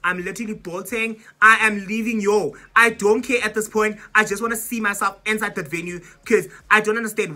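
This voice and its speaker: A woman's voice: medium pitch, steady tone, a little fast, hardly any pauses, sharp tone. A young South African woman in her twenties with a South African accent, dramatically retelling a storytime vlog and mixing in isiZulu words. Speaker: YouTuber.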